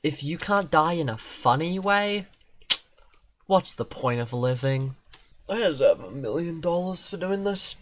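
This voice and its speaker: A man's voice: fairly high pitch, expressive, measured pace, slight background noise. A young man streaming a video game, talking to himself in a rambling, profane way about absurd ideas. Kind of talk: casual gaming commentary.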